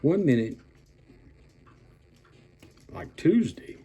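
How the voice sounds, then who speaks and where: An older man rants in anger, blunt and full of profanity, drawing out the words he wants to hit hard. His voice is husky and a little rough, with a dark, mellow tone and no sparkle to it. It has the feel of a heated monologue to camera. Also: on the high side, very animated. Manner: blunt, profane and threatening, with drawn-out emphatic words. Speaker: political commentator. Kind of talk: angry political rant.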